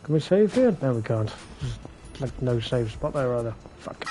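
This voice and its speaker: A man's voice: mid-range voice, big pitch swings, normal speed, mellow. A man doing casual live commentary over a game, bickering and swearing with his chat. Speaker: game streamer. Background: game music.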